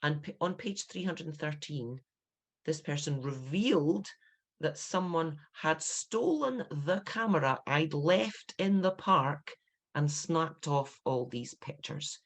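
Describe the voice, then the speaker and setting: A Scottish woman in her fifties, an author giving an instructive talk to writers, emphatic and animated, with bursts of indignation. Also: sits low, slow pace. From Scotland. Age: 50s.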